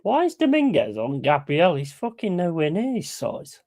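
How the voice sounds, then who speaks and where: Man, slightly high voice, live football watch-along, blunt sweary play-by-play. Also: huge pitch swings, normal speed, darkish tone. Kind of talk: live match commentary.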